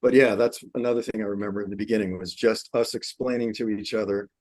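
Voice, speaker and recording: A man speaking as a guest in a casual panel conversation, relaxed and full of fillers. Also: on the low side, quick pace, dry recording.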